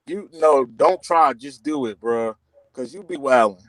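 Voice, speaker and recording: A man's voice: medium pitch, a little slow, a bit bright. Brash, swearing man on a podcast panel. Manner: brash, pushy, profane. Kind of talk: casual panel chat.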